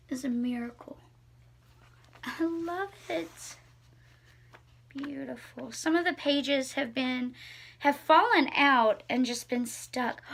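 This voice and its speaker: A young adult woman vlogging in a soft-spoken, awed way, often hushed, chatting and reading aloud. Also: high voice, creaky. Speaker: vlogger showing thrift finds. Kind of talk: casual vlog chat and reading aloud.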